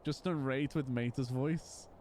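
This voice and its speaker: A man's voice: mid-range voice, fairly even intonation, unhurried, a little mellow, slight background noise. A man chatting casually while streaming a game, rambling with frequent restarts. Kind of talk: casual live-stream chat while playing.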